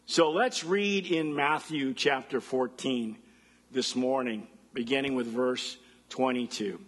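A man giving a sermon as a pastor, animated, acting out voices of the people he quotes. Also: mid-range voice, takes it slowly, husky, in a large hall.

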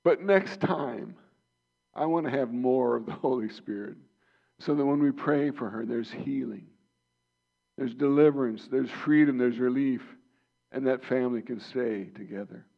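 A man's voice: medium pitch, moderate pace, creaky. A man preaching a sermon as pastor, earnest and personal, rising to impassioned emphasis. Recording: dull lo-fi sound.

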